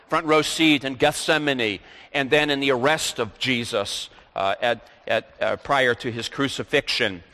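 Male preacher, sermon delivery, bright and forceful voice, long reverb of a large hall. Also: mid-range voice. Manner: reads scripture aloud, then explains it.

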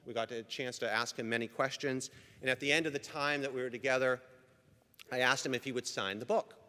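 A man's voice: medium pitch, fairly even intonation, brisk, pushed and bright. A man, a pastor, delivering an earnest, conversational sermon with frequent restarts. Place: church sanctuary. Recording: long reverb of a large hall.

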